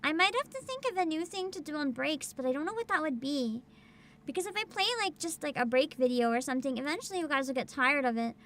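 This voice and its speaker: A woman's voice: sits high, lively intonation, fast talker, fairly bright tone, a little hiss or hum. A woman streamer chatting casually and rambling, laughing often as she talks. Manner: giggly, rambling, frequent laughter. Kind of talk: casual livestream chat.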